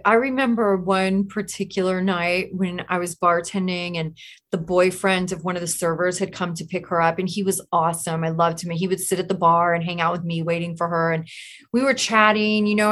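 A woman hosting a casual podcast conversation, animated when telling stories and quick to laugh. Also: medium pitch. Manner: animated storyteller, laughs easily.

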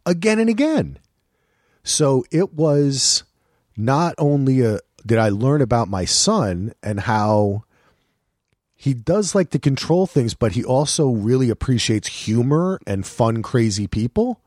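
Brief: middle-aged man, lively swinging pitch, animated swearing storyteller, dry close sound. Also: a little slow, no room sound. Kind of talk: casual chat.

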